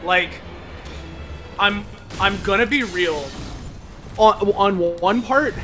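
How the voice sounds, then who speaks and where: A man with a high voice talks slowly and deliberately, hedging as he weighs his points. Music plays clearly behind him. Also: bright, forceful tone. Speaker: stream guest. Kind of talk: casual chat.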